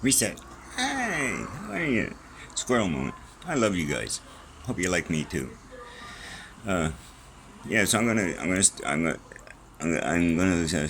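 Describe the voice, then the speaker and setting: A man's voice: extremely low pitch, fairly bright tone, a little hiss or hum, low-quality recording. A middle-aged man rambling casually and profanely in a vlog from a small room at home, jumping from topic to topic. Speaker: vlogger.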